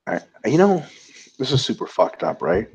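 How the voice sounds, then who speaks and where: A man's voice: medium pitch, sing-song, normal speed, darkish tone, husky, dry recording, lo-fi sound. A man co-hosting a casual webinar who reads out viewer questions and jokes in a crude, profane way. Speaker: co-host reading viewer questions.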